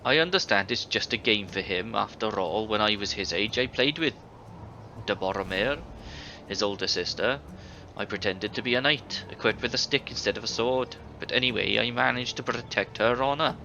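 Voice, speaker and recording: A man's voice: fairly low pitch, normal speed, creaky, pushed and bright. A man voicing a tired, short-tempered villager in a video game. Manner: weary, slightly irritable. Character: harried male villager, short-tempered brother. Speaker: game character. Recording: dull game audio with faint hiss.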